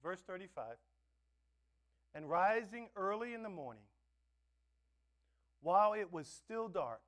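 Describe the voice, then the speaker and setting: A male pastor preaching a sermon, swinging between loud emphatic words and soft, quiet asides. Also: sits high, animated, unhurried, long pauses. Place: church.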